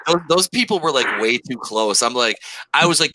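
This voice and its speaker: A man's voice: medium pitch, lively intonation, normal speed, pushed and bright, rough recording. A man co-hosting a podcast, talking in crude, brash casual banter and laughing often. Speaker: podcast co-host.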